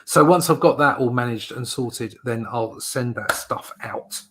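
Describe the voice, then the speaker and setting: A man's voice: mid-range voice, measured pace, fairly bright tone, slightly rough. A British man hosting a casual chat, rambling with many fillers and restarts. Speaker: host.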